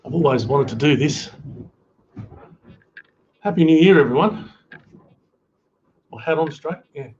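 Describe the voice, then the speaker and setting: A man's voice: a little high, animated, measured pace, long pauses, darkish tone, muffled recording, a little hiss or hum. A man joining a livestream by call, joking and teasing the host in casual banter.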